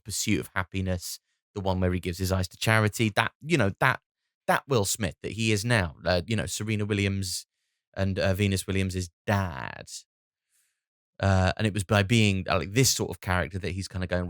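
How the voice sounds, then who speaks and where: A man's voice: low-pitched, moderate pace, no room sound, studio quality. A British man, a comedian hosting a solo podcast, rambling and swearing with lots of restarts.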